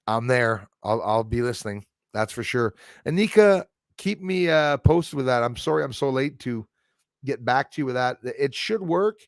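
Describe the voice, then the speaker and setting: Gravelly man chatting on a livestream. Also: mid-range voice, dry recording, studio quality. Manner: rambling, jokey, chuckles often. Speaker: livestream host answering viewer comments. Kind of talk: casual livestream chat.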